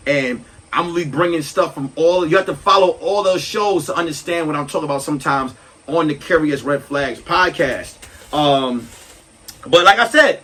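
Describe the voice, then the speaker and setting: A man in his thirties hosting a solo comedy podcast, ranting loudly and animatedly and breaking into shouts. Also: fairly high pitch, normal speed, recorded from a distance, low-quality recording. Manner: loud, animated, swings into shouting. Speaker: podcast host.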